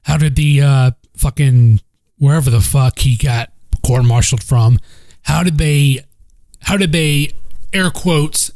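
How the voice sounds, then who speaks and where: A man's voice: a little high, a little slow, a little mellow, dry recording. A man with a Southern accent, hosting a solo podcast in a blunt, profane, rambling way that repeats itself. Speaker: podcast host. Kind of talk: casual solo podcast talk. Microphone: home microphone.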